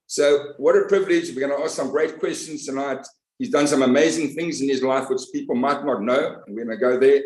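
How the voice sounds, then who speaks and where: A man's voice: mid-range voice, fairly quick. Male host in an echoey room. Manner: warm, praising introduction. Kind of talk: introducing a guest. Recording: roomy echo.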